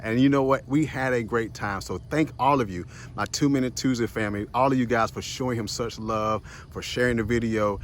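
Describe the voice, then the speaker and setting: A man's voice: on the low side, a little hiss or hum. A young man hosts a short motivational video series. He tells a personal story in a casual way, talks straight to his viewers, laughs often and acts out the other voices. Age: young adult. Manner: animated, chatty, addresses viewers directly as "y'all" and "guys".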